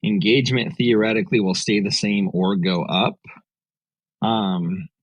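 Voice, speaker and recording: A man's voice: on the low side, steady tone, unhurried, no echo. A man explaining things methodically in a casual chat and calling himself a nerd, heard over a dull call line. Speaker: guest speaker.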